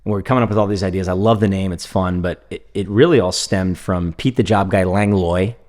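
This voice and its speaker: A man with a fairly low voice, chatting casually as a podcast host. He tells stories with energy and laughs often. He sounds middle-aged and speaks from a podcast studio. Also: brisk. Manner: animated storyteller, laughs often. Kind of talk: casual conversational interview.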